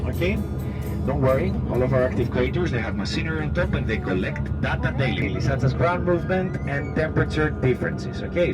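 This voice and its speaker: A man's voice: a little high, poor audio. Joking male tour guide on a bus. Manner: chatty, joking, reassuring. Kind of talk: live tour guide commentary. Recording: loud music over the guide.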